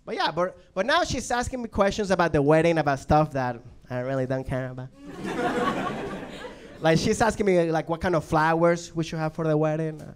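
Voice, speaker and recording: A young man from Venezuela, a native Spanish speaker with a Venezuelan Spanish accent, doing an animated stand-up comedy set, swearing and acting out voices. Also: on the high side, moderate pace, slight background noise. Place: comedy club stage. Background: audience laughter.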